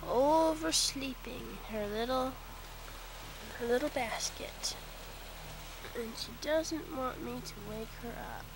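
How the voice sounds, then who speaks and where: A woman's voice: high-pitched, takes it slowly, long pauses. A woman filming her cat at home on a handheld camera, talking to it in teasing baby talk. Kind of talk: home video narration. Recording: noisy home video.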